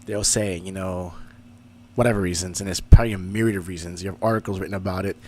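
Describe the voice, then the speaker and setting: Low-voiced man on talk radio. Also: slight background noise. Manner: animated storyteller, fast bursts, repeats and restarts words. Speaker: radio show host. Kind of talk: casual talk radio monologue. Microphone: studio microphone.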